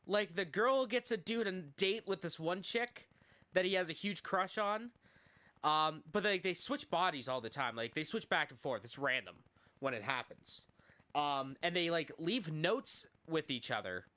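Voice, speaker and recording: A man co-hosting a casual podcast, recapping a movie in an excitable, rambling way. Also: fairly high pitch, measured pace. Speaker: podcast co-host. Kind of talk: casual chat.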